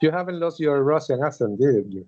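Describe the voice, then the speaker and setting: Guy hosting, kinda dark mellow voice, dull flat-sounding audio, keeps saying you know. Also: a little high, brisk. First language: Spanish. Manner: friendly, repeats "you know", gives earnest advice. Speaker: wrestling interviewer, host. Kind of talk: casual interview.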